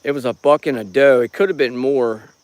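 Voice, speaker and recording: A middle-aged man watching for the paranormal streams live from a rural property at night. He speaks at a medium pitch and a little fast, rambling in a folksy way and greeting viewers by name. The handheld phone recording is dry.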